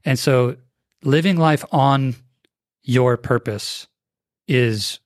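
A man's voice: medium pitch, very slow, no room sound, studio quality. A man being interviewed on a podcast, talking with energy and acting out the voices he quotes. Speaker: guest.

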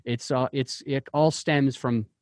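A man's voice: medium pitch, fairly even intonation, a little slow, darkish tone, no room sound, clean studio sound. A man who invests in real estate, telling personal stories in an interview in an earnest way, often restarting his sentences. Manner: earnest, with frequent restarts and fillers.

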